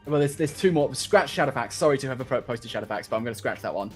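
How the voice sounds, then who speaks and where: A man's voice: medium pitch, lively intonation, fast talker, faint music behind. A man co-hosting a casual livestream, chatty and laughing often, with stammered restarts.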